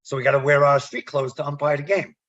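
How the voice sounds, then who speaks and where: A man's voice: a little high, fast talker, lo-fi sound. A man, a former umpire, telling stories in a podcast interview and acting out the dialogue. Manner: animated storyteller, acts out quoted dialogue.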